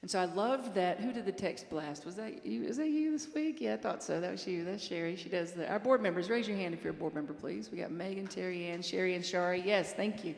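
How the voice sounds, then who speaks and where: A woman's voice: on the low side, fast talker, creaky, few pauses. A woman minister giving a chatty Sunday talk to her congregation, storytelling with light laughs. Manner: warm conversational storytelling with laughs. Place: large hall with congregation. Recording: echoey hall reverb.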